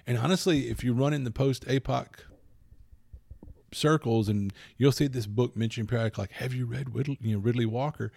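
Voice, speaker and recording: A man in casual podcast talk, his voice gravelly with fry and recorded dry and close. He rambles, jumps between asides and acts out bits of dialogue in quick put-on voices, a little foggy from allergies. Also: medium pitch, a little mellow, dry recording. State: addled by allergies. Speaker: podcast co-host. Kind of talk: casual chat.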